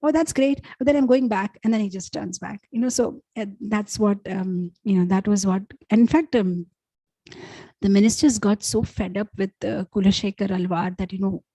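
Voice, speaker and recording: A woman giving a devotional class, telling sacred stories in an animated, chatty way, filled with fillers and acted-out voices. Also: mid-range voice, normal speed, husky, no room sound, rough recording. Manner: loose, chatty phrasing with many fillers. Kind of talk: devotional storytelling talk.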